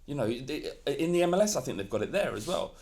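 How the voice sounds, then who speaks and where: A man's voice: medium pitch, very animated, quick pace, darkish tone. A man co-hosting a football podcast, ranting heatedly in casual chat and swearing freely. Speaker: podcast co-host.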